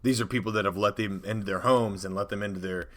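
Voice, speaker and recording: Excitable bright-voiced man pitching ideas. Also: quick pace. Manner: excitable, pitches ideas with fillers and sound effects. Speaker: podcast co-host designing a tabletop adventure. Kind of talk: casual brainstorming chat.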